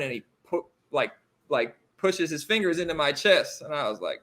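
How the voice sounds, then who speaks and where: American man, 30s, interview guest; bright, forceful voice, rambling storyteller. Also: on the high side, a little fast. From United States. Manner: animated, rambling anecdotes with many fillers. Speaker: interview guest, professional basketball player. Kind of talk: casual storytelling.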